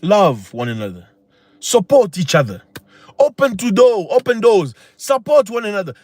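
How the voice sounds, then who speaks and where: A man's voice: high voice, very animated, moderate pace, darkish tone, dry recording. A man hosting a livestream, talking in an impassioned, preachy way with many rhetorical questions. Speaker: channel host. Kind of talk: livestream talk.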